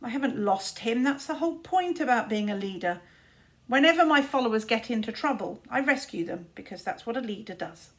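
A woman's voice: a little high, lively intonation, brisk. A woman doing a boastful boy wizard. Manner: confident, bossy, good-natured.

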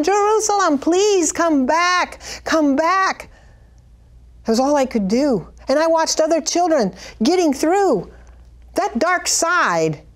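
A middle-aged woman speaking with fervent, pleading intensity as she shares a spiritual testimony and leads a prayer. Her voice sits a little higher than most, and it soars on her cried-out appeals. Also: darkish tone. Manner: fervent, pleading, rises high on cried-out lines. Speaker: Christian speaker sharing a vision.

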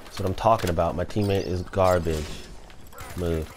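A man's voice: sits low, fast, very noisy. A man commentating his own gameplay, swearing and ranting at teammates and opponents. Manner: profane trash-talking, ranting at teammates. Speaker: gamer.

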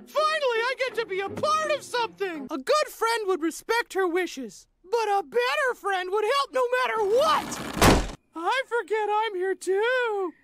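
A voice actor playing an overeager male owl-house creature in a cartoon, who shouts out cheerful, clingy exclamations and keeps hooting. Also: extremely high pitch, very noisy. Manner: constant exclamations, punctuated by hooting. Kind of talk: animated cartoon voice acting. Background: loud cartoon score.

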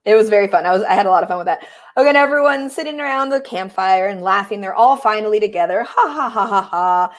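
A woman's voice: mid-range voice, racing. A woman reading her picture book aloud over a video call, chatty and giggly, lightly voicing the animals. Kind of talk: storytime read-aloud.

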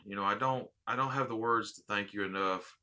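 A man's voice: lowish voice, a little fast, bright, forceful tone. A man hosting a casual unboxing vlog, heartfelt and rambling, repeating his thanks. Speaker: vape channel host.

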